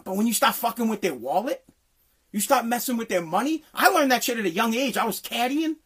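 A man ranting angrily, swearing constantly and often breaking into shouts. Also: extremely high pitch, expressive, a little fast, breathy edge. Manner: profane, heated, often shouting. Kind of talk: angry political rant.

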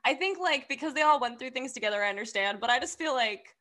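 A young woman co-hosting a podcast in casual chat, bubbly and quick to laugh, with apologetic little asides. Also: sits high, lively intonation, pushed and bright. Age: young adult. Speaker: podcast co-host.

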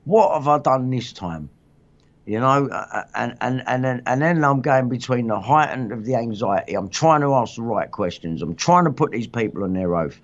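A man's voice: medium pitch, lively intonation, moderate pace. A man hosting a livestream, telling his story in agitated, rambling casual chat full of swearing. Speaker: livestream host. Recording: dull lo-fi stream audio.

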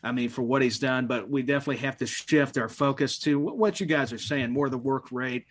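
A man's voice: mid-range voice, a little fast. Agreeable man rambling on a panel. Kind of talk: casual panel chat.

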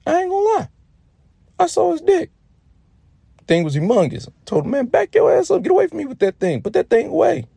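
Man putting on a shrill loud old guy, gravelly and dry, comic storytelling. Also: huge pitch swings, fairly quick, pauses often, no echo, heavily acted. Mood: blustering. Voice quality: high squeaky strained yelp. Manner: loud and blustering. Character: rambling older man, shrill and shocked.

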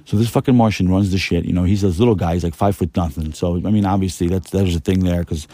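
A man rambles through a casual story, swearing freely and animated. His voice sits low and warm. The recording is dry and close. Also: fast, no room sound. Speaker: podcast host.

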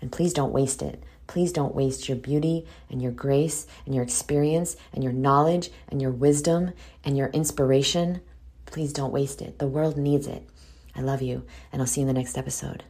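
A woman's voice: extremely low pitch, steady tone, normal speed, warm tone, breathy edge. A woman hosting her own solo podcast, giving listeners a chatty pep talk and calling them "boo". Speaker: podcast host. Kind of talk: casual solo podcast monologue.

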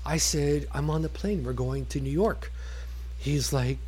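A man's voice: a little high, a little slow, heavy background noise. A man telling casual stories as a guest and acting out the people he quotes. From from a poor immigrant family. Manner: animated storyteller acting out quotes. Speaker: guest, former stand-in.

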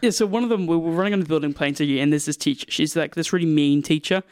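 A young man with a light English accent, softened by years in Australia, telling school stories in a casual interview, with lots of fillers. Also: a little high, quick pace, clean tone, no echo, clean studio sound. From England. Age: young adult. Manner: animated, acts out voices in anecdotes, lots of fillers. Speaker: guest, university student.

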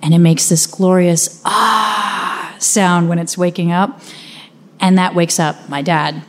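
A woman's voice: fairly low pitch, little pitch movement, a little slow, a little mellow. A young adult woman from the United States telling a personal story in a conversational, vivid way. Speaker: speaker. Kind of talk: first-person storytelling talk.

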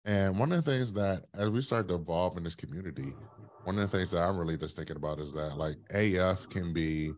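Man, low voice, blunt and animated, a podcast guest telling stories. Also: fairly quick. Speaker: podcast guest, running coach. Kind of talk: casual interview storytelling.

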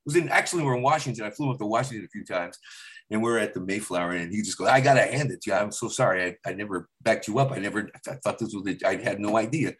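This comedian guest, a middle-aged man with a lowish voice, chats at a quick pace, spinning stories about his relatives full of acted-out dialogue. He brings his dad's lines to life, and his voice rises and falls as he slips into each role.

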